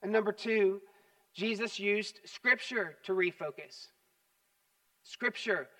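A pastor preaching a sermon, telling stories with animated, emphatic repetition. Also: male voice, high-pitched, slow, long pauses, recorded from a distance.

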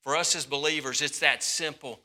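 A man preaching a sermon as pastor, swinging between loud, passionate stretches and hushed, slower ones. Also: a little high, fairly even intonation.

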